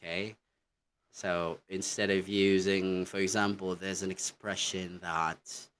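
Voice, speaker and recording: A man with a very low voice teaches an English lesson, moving through his slides at an unhurried pace. He keeps pausing to restart his points with "okay, so". A faint hiss sits under the recording. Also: level tone, fairly bright tone. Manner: slow, halting explanations with many "okay, so".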